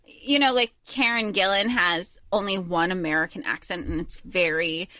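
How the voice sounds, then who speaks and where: A woman's voice: fairly low pitch, moderate pace, bright, forceful tone, no echo. A woman co-hosting a podcast, rambling enthusiastically in casual chat and often correcting herself. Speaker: podcast co-host.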